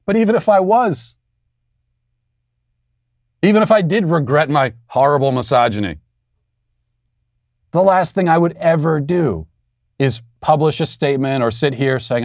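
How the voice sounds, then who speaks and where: A man's voice: fairly high pitch, animated, a little slow, pauses often, a little mellow, no echo, studio quality. A man in his thirties hosting an opinion podcast, talking in a defiant, sarcastic and emphatic way. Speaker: podcast host. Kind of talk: opinion commentary monologue.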